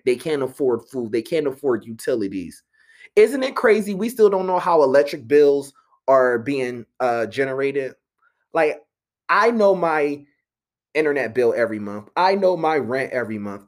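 Young guy ranting hard, lots of cussing, voice jumping up and down, mocks people in silly voices. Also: medium pitch. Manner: animated, profane, exasperated, with mocking voices. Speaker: commentator. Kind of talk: ranting monologue.

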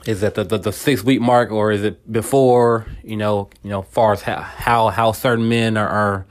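Halting, casual man with low voice. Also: steady tone. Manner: halting, repeats words, casual slang like "bro". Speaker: podcast host. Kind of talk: casual personal monologue.

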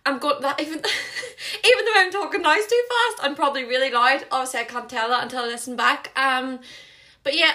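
A woman in her twenties with a Northern Irish accent, hosting a podcast in casual solo chat. She rambles in a chatty way with self-conscious asides and talks fast and loud. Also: sits high, lively intonation. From Northern Ireland. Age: 20s. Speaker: podcast host.

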